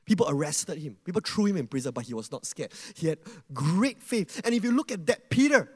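High, animated man preaching in a hall. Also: fairly quick, slightly rough. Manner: animated, questions the audience, acts out quotes. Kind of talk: sermon.

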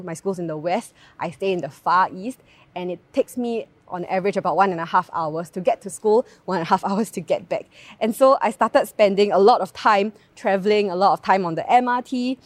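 A young Singaporean woman with a Singaporean English accent giving a devotional talk, telling a personal story in a chatty, animated way with lots of tag questions. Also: medium pitch, no room sound.

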